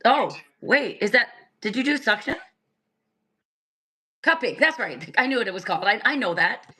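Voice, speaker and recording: A chatty woman in her fifties co-hosts a relaxed talk show and exclaims freely. Her voice sits a little high and sounds bright. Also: moderate pace. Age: 50s. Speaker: podcast co-host. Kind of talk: casual chat.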